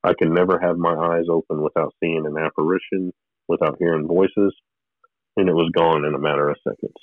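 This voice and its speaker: A man's voice: sits low, fairly even intonation, brisk, no room sound, phone-quality sound. A man telling a personal spiritual story in a rambling way, with restarts and short laughs. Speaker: guest telling his testimony.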